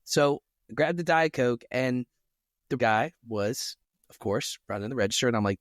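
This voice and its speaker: A man co-hosting a podcast, telling a story in an animated way and slipping into voices. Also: medium pitch, normal speed, dry recording, studio quality. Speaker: podcast co-host. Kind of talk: casual storytelling chat.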